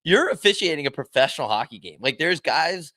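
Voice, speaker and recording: A man co-hosting a hockey call-in show, chatting casually, laughing and asking quick questions. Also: on the high side, big pitch swings, bright, forceful tone, no echo. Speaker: podcast co-host. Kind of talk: casual chat.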